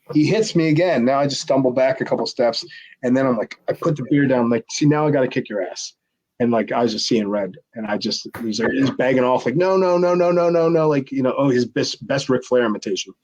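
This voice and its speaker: A middle-aged former wrestler telling a long backstage story in a casual interview, rambling with many restarts and acted-out quotes. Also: male voice, mid-range voice, a little mellow, rough recording. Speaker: former pro wrestler, guest.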